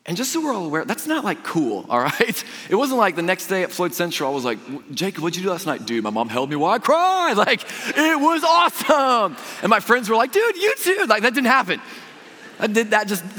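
Young preacher in a reverberant hall. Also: male voice, mid-range voice. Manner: conversational storytelling with dramatic swings between quiet and loud. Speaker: pastor. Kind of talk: sermon. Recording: long reverb of a large hall.

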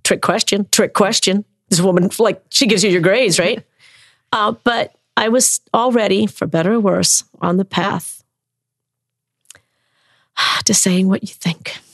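A woman's voice: medium pitch, unhurried, pauses often, no room sound, clean studio sound. A woman from the American South telling personal stories in conversation, acting out voices and dropping to whispers. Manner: expressive, acts out quoted voices, drops to whispers. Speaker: storyteller.

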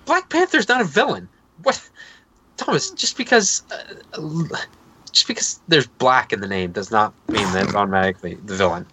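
A husky, mid-range male voice at a normal speed belongs to a podcast co-host in his thirties. In a casual chat, he tells a long, rambling anecdote, animated and full of laughs and quoted voices.

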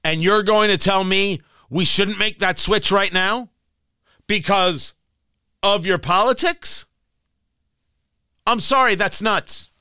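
A man's voice: high voice, slow pace, pauses often, bright, forceful tone, clean tone, dry recording, studio quality. A man hosting a political talk radio show, ranting in a combative, sarcastic way. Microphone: studio microphone.

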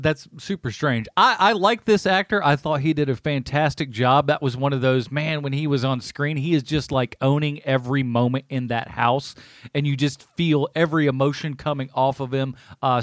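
A man's voice: mid-range voice, normal speed, dry recording, studio quality. A man co-hosting a podcast, talking in casual chat and telling stories with frequent laughter. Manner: lively storyteller, laughs often. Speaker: podcast co-host.

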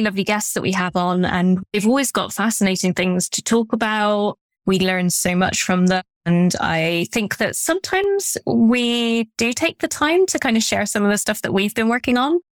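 A woman's voice: mid-range voice, no echo. Woman, English accent, podcast co-host, friendly and chatty, dry sound. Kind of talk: casual podcast chat.

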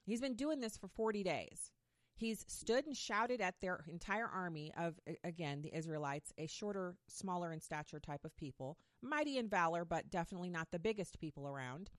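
A woman's voice: lowish voice, animated, normal speed, no echo, clean studio sound. A woman casually retelling a Bible story in a playful way, with modern slang asides.

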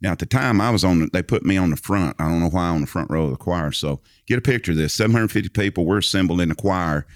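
A man's voice: deep voice, quick pace, few pauses, no echo, studio quality. A man telling a personal story in casual conversation. He is a vivid storyteller who recites long passages from memory.

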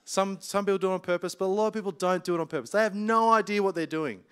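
A man, preaching a casual sermon full of stories, chatty and quick to laugh. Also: high-pitched, clean tone. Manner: chatty, laughs often, colloquial.

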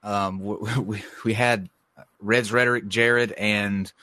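A man's voice: lowish voice, steady tone, slow pace, sharp tone, dry recording. A man with a stuffy cold hosting a podcast in casual chat, rambling with lots of fillers and restarts. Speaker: podcast host.

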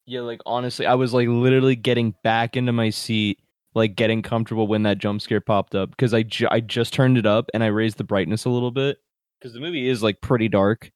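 A chatty man of middle pitch who laughs his way through a horror movie recap, cursing with gleeful energy. His voice sits close and dry on a home computer microphone, with no room sound at all. He talks like a co-host riffing with a friend. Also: brisk, clear, resonant tone, dry recording. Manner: excitable, laughs often, swears casually. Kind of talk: casual horror movie review chat.

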